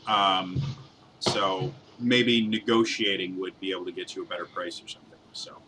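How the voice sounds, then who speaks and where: A man narrating as the game master of a tabletop game, hesitant, with many pauses and fillers. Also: low-pitched, steady tone, noisy background.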